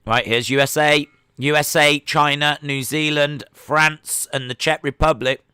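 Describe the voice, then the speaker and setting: Male streamer, sports reactions, clear and dry. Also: fairly high pitch, measured pace, no room sound. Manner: chatty, excitable, with frequent fillers. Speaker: livestream host. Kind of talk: live sports watch-along commentary.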